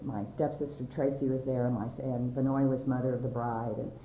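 A woman's voice: fairly even intonation, a little fast. A middle-aged woman from California telling her recovery story to a crowd, rambling and conversational with many fillers and restarts. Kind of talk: personal testimony talk to an audience. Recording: echoey hall, dull lo-fi sound, faint rumble.

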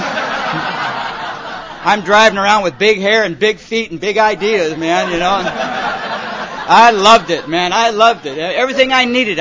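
A man's voice: high voice, background noise. A man telling funny stories from his life to a recovery meeting, rambling and dropping "you know" and "man" constantly. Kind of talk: comic storytelling talk to an audience. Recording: muffled recording with audience laughter. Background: audience laughing.

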